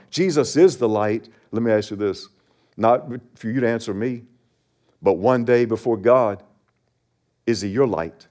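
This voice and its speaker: A pastor preaching a Sunday sermon, reading scripture aloud with emphasis and earnest conviction. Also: male voice, mid-range voice, a little mellow.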